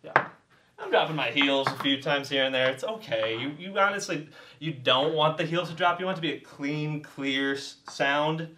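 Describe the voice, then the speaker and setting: A man's voice: fairly high pitch, moderate pace, far from the mic, background noise. Breathless man teaching a dance step. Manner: encouraging, laughs often, counts out beats. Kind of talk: casual tutorial while demonstrating steps.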